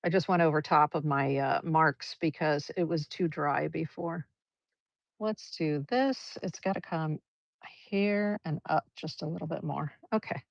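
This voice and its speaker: This is a woman giving a live painting lesson, her low voice carrying a gravelly edge. She chats and encourages as she explains every stroke. The livestream audio sounds dull and lo-fi, dry with no room echo. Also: unhurried. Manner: chatty, encouraging, talks through each brushstroke. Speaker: art teacher.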